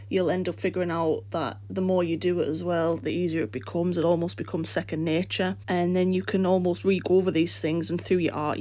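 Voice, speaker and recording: With no room sound at all, this art vlog host speaks in a lowish, slightly mellow voice from her home studio. Her casual voice-over wanders but stays supportive, even as she's getting the flu and losing her voice.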